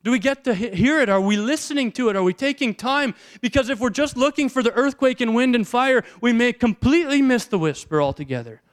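A man's voice: extremely high pitch, lively intonation, a little fast, few pauses. A man preaching a sermon as a pastor, talking in a conversational way and asking his listeners rhetorical questions.

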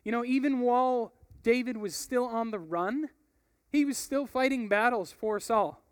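A man's voice: extremely high pitch, unhurried, clear, resonant tone, dry recording, clean studio sound. A young man preaching in a casual, conversational way, telling a story and reading from a book. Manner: casual, conversational, uses fillers like "like" and "you know".

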